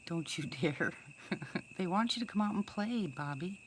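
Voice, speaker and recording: Outdoors in the woods at night, a woman hosting a livestream chats casually with viewers, greeting them by name and calling out whoops. Her voice is fairly low and animated at a moderate pace, with a little hiss or hum.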